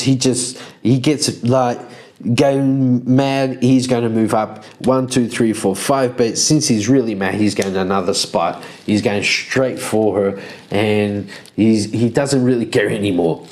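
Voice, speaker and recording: A man's voice: mid-range voice, darkish tone. A man casually narrating a solo tabletop game, counting out moves and chuckling at the dice.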